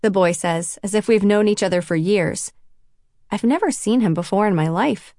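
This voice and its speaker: A woman narrates a first-person audiobook, bringing out the narrator's wry, self-conscious thoughts. She speaks in a mid-range, dark-toned voice at a moderate pace, recorded dry at studio quality.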